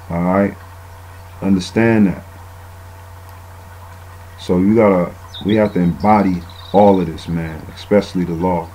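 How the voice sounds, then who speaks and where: A man's voice: low-pitched, warm tone, a little hiss or hum, low-quality recording. A man giving a casual, rambling bible teaching, often saying "man" and using fillers.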